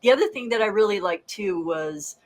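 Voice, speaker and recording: A woman's voice: mid-range voice, expressive, a little fast, rough recording. A woman game master chatting casually about a tabletop game, enthusiastic and full of praise, with many fillers.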